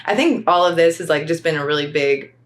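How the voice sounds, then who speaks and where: A woman's voice: low voice, fast. A woman in her thirties co-hosting a podcast, chatting casually, laughing often and saying "like" a lot. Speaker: podcast co-host. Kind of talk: casual chat. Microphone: podcast microphone.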